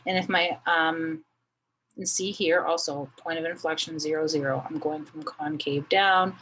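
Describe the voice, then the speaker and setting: A woman's voice: sits low, fairly bright tone, slight background noise, poor audio. A woman teaching a math lesson, thinking aloud as she draws a graph, with many fillers. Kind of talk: recorded screen lesson.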